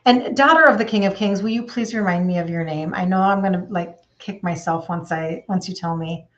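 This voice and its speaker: A woman's voice: on the low side, brisk, fairly bright tone, dull audio. A woman in her fifties, a health coach chatting casually on a live stream and reading out viewer comments, with lots of fillers. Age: 50s.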